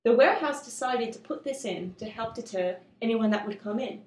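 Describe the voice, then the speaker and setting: Animated swearing woman in an echoey room. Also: fairly high pitch, fairly quick. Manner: animated, swears freely, bursts into laughs. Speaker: podcast co-host. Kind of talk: casual chat, telling a creepy news story. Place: home room with poor soundproofing.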